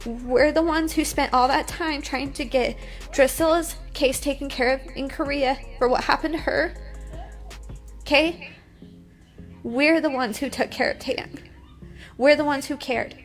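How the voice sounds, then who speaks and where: Tearful high-voiced young woman. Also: fairly even intonation, a little slow, pauses often, soft background music. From United States. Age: 20s. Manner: upset, defiant, pleading. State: crying. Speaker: reality TV personality. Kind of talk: emotional livestream monologue. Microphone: phone on a livestream.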